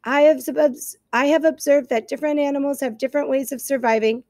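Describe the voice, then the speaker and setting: A woman voicing a newly awakened female robot in a storybook, speaking in a flat, measured, polite way. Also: high voice, dry recording, clean studio sound, pitched above the performer's own voice. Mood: calm.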